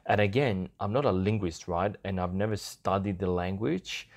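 Casual male podcast host, slightly low voice, loose and chatty. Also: normal speed. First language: Vietnamese. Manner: relaxed, rambling with many fillers and small laughs. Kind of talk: casual explanatory talk.

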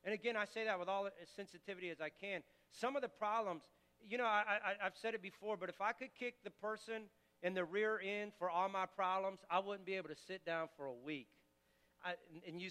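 A man's voice: high-pitched, pushed and bright, smooth. A male pastor preaching a sermon in a church, impassioned and conversational, often restarting his sentences. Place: church sanctuary. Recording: long church reverb.

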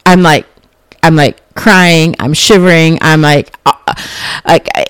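A woman's voice: low voice, fairly even intonation, takes it slowly, fairly bright tone, clean tone, dry recording. Earnest chatty woman podcaster, dry sound. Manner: chatty, earnest, many fillers and restarts. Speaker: podcast host. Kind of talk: personal storytelling talk.

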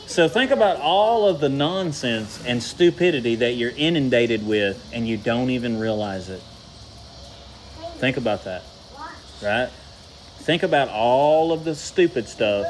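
A man's voice: medium pitch, slight background noise, rough recording. A man preaching a sermon in a folksy, conversational way, asking the congregation questions. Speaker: pastor.

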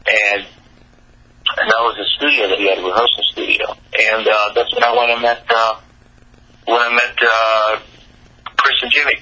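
A middle-aged man, a rock singer, telling his story in a rambling, halting way full of fillers. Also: fairly low pitch, little pitch movement, sharp tone, poor audio. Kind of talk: casual storytelling interview.

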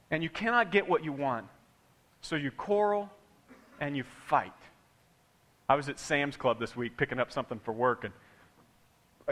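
A middle-aged man preaching a sermon, telling stories in an animated way and acting out quotes. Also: fairly high pitch.

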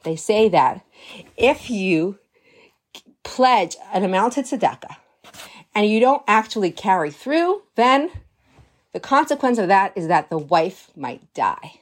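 A woman's voice: medium pitch, very animated, unhurried, pauses often. A woman voicing a rabbi who gives sly, persuasive advice in a confiding tone. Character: scheming male rabbi giving sly advice.

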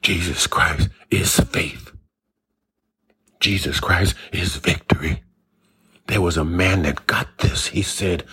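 A man's voice: low voice, takes it slowly, long pauses, bright, forceful tone, husky. A man preaching a sermon, building his points through repeated, emphatic phrases. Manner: repetitive, emphatic preaching cadence.

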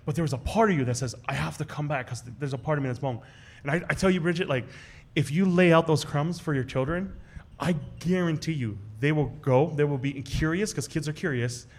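A man telling a personal story in a casual way to a live audience at a restaurant event, slipping into the voices of the people he quotes. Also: fairly quick. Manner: animated, acts out quoted voices with big jumps in pitch. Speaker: guest storyteller on a live podcast show.

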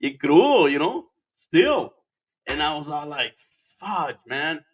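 A man's voice: fairly high pitch, sing-song, a little slow, breathy edge. A man in his thirties from Arizona, telling a casual, rambling story full of swearing and dropping into Spanish phrases. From Arizona, USA.

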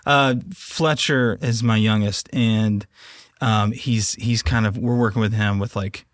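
A man's voice: fairly low pitch, steady tone, a little slow, no room sound. Reflective man in casual chat. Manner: reflective, self-deprecating. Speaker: guest. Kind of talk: casual podcast discussion.

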